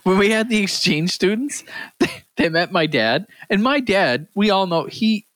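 New man, podcast co-host, lively storyteller who does voices, dry sound. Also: high-pitched, normal speed, no room sound. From New Brunswick, Canada. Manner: storytelling, laughs often, mimics voices. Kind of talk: casual chat.

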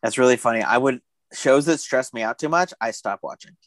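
A man in casual conversation, talking in long animated runs and acting out quoted thoughts. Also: mid-range voice, a little fast, dry recording. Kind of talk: casual chat about TV shows.

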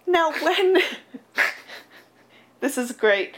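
A woman's voice: sits high, animated, extremely slow, fairly bright tone. A woman co-hosting a casual chat, recapping a film plot with lots of fillers and laughs. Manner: chatty, giggly, peppered with fillers. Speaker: podcast co-host recapping a film.

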